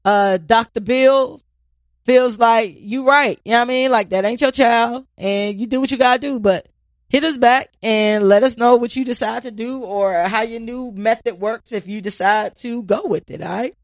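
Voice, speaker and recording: Animated, swearing woman podcast co-host. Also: on the high side, moderate pace, no echo, studio quality. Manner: animated storytelling, swears freely. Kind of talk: casual podcast chat.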